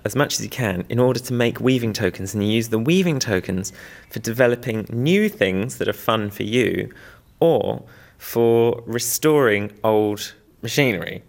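A man's voice: lowish voice, vocal fry. A man who weaves and restores old looms, talking in a documentary interview in a rambling, self-deprecating way with small chuckles.

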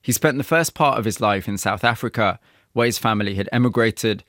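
A male radio presenter narrating a documentary segment in a measured way and asking empathetic questions. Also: fairly low pitch, a bit bright, dry recording. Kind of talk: scripted narration and interviewing.

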